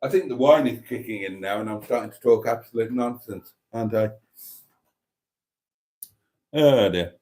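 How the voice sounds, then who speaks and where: Man, lower voice, self-deprecating live-stream host, chatty and candid. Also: moderate pace, long pauses, darkish tone. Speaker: YouTuber hosting a live stream. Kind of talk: casual live-stream chat reading comments.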